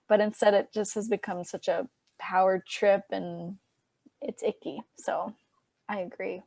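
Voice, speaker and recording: A young woman musician chatting in an interview, laughing often and acting out what people said in a higher voice. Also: fairly even intonation, moderate pace, creaky, warm tone, dry recording. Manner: chatty, laughs often, acts out quotes in a high voice. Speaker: musician guest. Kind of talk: casual interview chat.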